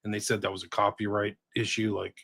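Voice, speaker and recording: A man's voice: on the low side, flat delivery, fast, creaky, a bit bright, breathy edge. A man hosting a podcast, chatting casually and giving listeners plain directions. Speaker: podcast host.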